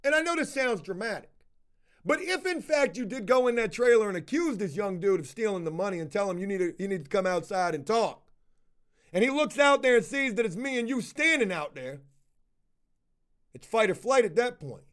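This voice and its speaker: A man's voice: high-pitched, animated, fairly quick, fairly bright tone. A man telling a story straight to camera as a vlogger, blunt and exasperated, with plenty of swearing. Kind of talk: casual storytelling rant to camera.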